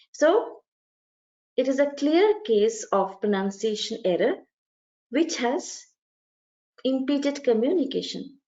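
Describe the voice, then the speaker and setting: A woman's voice: on the high side, dark tone, lo-fi sound. A woman teaching an exam speaking lesson, explaining step by step with examples and stressing key words. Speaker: IELTS speaking coach. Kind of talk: video lesson.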